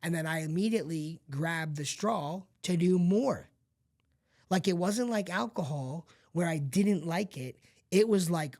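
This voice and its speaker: A man's voice: on the high side, animated, unhurried, darkish tone. A middle-aged man, a podcast guest, telling a painful personal story in an earnest, confiding way and often checking that the listener is following. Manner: earnest and confiding, talks straight to the listener with frequent asides. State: emotional at times.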